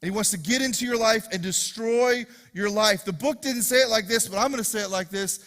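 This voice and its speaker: A man preaching a sermon as pastor to a congregation, swinging from loud, driving passages to hushed, repeated questions. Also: high voice, brisk. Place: church hall with congregation.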